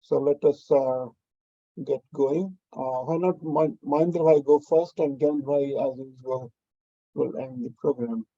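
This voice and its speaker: Mellow-voiced man hosting a call. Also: mid-range voice, measured pace, dry recording. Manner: relaxed and hesitant, with many fillers. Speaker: event host. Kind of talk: casual hosting. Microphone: video call. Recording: dry, muffled video call audio.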